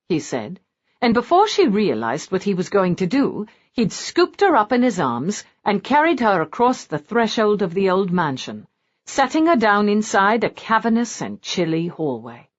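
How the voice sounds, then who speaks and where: A woman narrating a romance audiobook in an expressive, lively reading style. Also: medium pitch, moderate pace. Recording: dull lo-fi audiobook recording.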